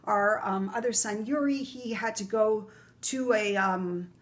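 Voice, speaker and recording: A middle-aged woman talking casually while she demonstrates a recipe in a home kitchen. She rambles and fills pauses with "um". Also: medium pitch. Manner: chatty and rambling, with many fillers. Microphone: camera mic, filmed by her son.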